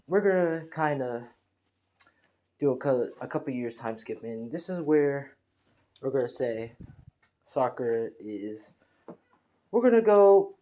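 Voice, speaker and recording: A man's voice: medium pitch, warm tone. A man improvising a fan story, rambling along with many restarts and fillers.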